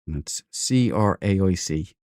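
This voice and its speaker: A man's voice: deep voice, lively intonation, measured pace, darkish tone, no echo. An Irish man streaming a space game live, rambling and chatty, with slangy asides. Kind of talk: casual live-stream chat.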